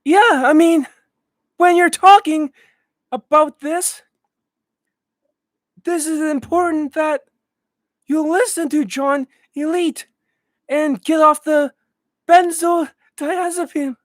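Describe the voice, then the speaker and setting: Man doing a squeaky slow preachy guy, stretches words, dry sound. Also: steady tone, no room sound.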